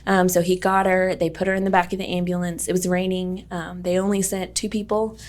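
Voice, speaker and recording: A woman's voice: on the low side, flat delivery, brisk. A young woman, a podcast guest, telling a personal story in a chatty way with lots of fillers and quoted dialogue.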